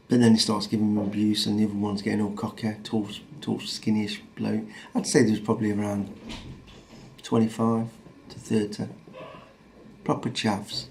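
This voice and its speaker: A man's voice: on the low side, steady tone, moderate pace, creaky, pauses often, a little mellow. A man in his fifties telling a story as a vlogger, blunt and sweary, rambling with many restarts. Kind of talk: casual storytelling rant.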